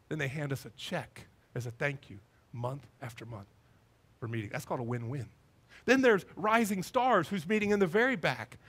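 A man, a pastor preaching a sermon in a church and acting out the people in his stories. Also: on the high side. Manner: animated storytelling, acting out voices. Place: church sanctuary.

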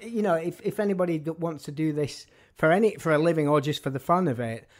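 A man's voice: a little high, fast talker. A man, a music journalist telling anecdotes in an interview, with a dry, wry humour.

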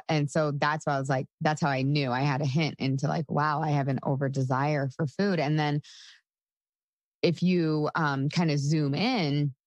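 A woman's voice: low-pitched, darkish tone, no room sound. A woman in her thirties, a coach and podcast guest, talking casually with lots of "like" fillers and frequent laughs. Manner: chatty, full of "like" fillers, laughs often. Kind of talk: casual interview talk.

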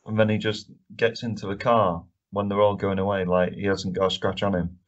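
Low, flat and brisk, this man's voice comes through muffled lo-fi podcast sound. He co-hosts a laid-back film review show, ranting with plenty of swearing and frequent laughter.

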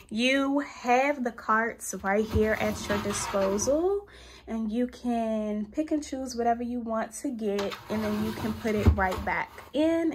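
A young woman in her twenties chatting casually in a slangy, animated way while organizing her bathroom. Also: roomy sound, a little hiss or hum. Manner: chatty, slangy, animated with sudden high squeals. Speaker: lifestyle vlogger. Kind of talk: casual organizing vlog chat. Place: bathroom at home.

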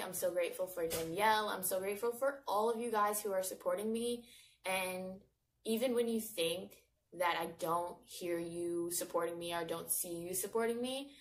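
A young woman in her twenties speaks to her viewers in a personal vlog, her voice catching as she fights back tears. She rambles warmly and sprinkles in casual fillers. Her pitch sits in an ordinary middle range for a woman. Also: a little hiss or hum. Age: 20s. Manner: heartfelt, rambling, many fillers like "like" and "literally". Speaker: vlogger.

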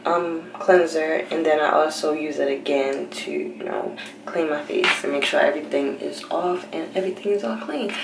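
A young woman chats through her nighttime routine in a hushed half-whisper, with a relaxed lilt. Her fairly low voice sits a bit back from the phone mic. The bathroom gives it a noticeable echo. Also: creaky, noisy background. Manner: hushed, half-whispering so as not to wake anyone. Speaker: beauty vlogger. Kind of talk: late-night casual vlog. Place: bathroom at home. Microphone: handheld phone camera. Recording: roomy, slightly distant phone audio.

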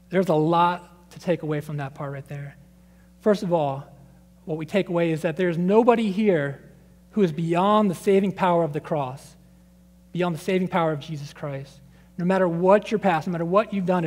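A man in his thirties preaching a sermon, conversational and animated, acting out scripture quotes and his children's voices. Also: fairly high pitch. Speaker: pastor. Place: church sanctuary. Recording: long reverb of a church sanctuary.

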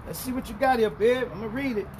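A male pastor with a strikingly high voice teaches the Bible in an animated, preachy way. He drops to quiet asides, then rises to shouts when reading scripture slowly and emphatically. A faint hum of noise sits under the recording. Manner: animated, preachy, swings between mutters and shouts; reads scripture in slow, emphatic bursts. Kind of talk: street-style Bible teaching.

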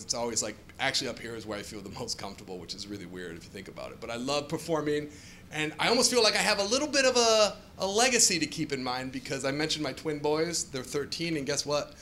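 A man in his forties doing an animated stand-up comedy set on a club stage, telling stories and jumping into shouted asides, with audience laughter in the recording. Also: mid-range voice, fast, slight background noise.

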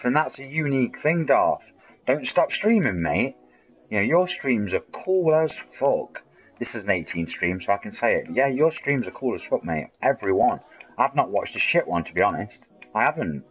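A man's voice: mid-range voice, sing-song, normal speed. A man, chatting and rambling in a matey way to viewers of his game stream. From England. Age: 40s. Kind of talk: casual live-stream chat.

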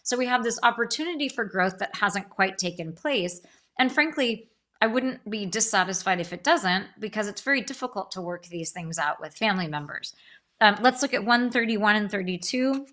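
Bright-voiced woman giving a lecture. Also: mid-range voice. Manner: enthusiastic, with frequent restarts and fillers; reads book passages aloud. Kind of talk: literature lecture.

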